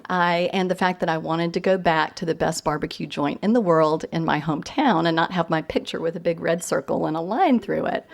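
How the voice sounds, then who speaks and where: A woman's voice: fairly low pitch, fairly quick, creaky, few pauses. A Southern woman from Tennessee, a novelist telling funny, self-deprecating stories at a reading. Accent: Southern American. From East Tennessee. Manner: chatty, self-deprecating, with frequent fillers and laughs. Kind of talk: humorous storytelling talk.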